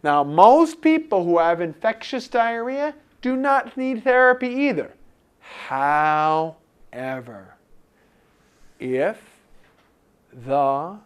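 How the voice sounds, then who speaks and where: A man lecturing for a medical board exam review, animated and playing out imagined student replies. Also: fairly high pitch, slow, long pauses, clean tone.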